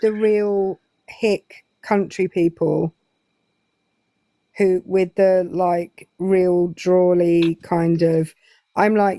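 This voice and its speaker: Chatty English woman, mellow and dry. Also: lowish voice, steady tone, extremely slow, dry recording. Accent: English, southern Midlands. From England. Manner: chatty, hesitant with many fillers. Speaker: guest. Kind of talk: casual chat on a live stream.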